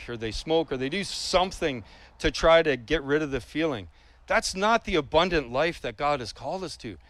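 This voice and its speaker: Earnest, emphatic male preacher with a higher voice. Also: dry recording. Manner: earnest, emphatic, with rhetorical questions and repetition. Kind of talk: sermon.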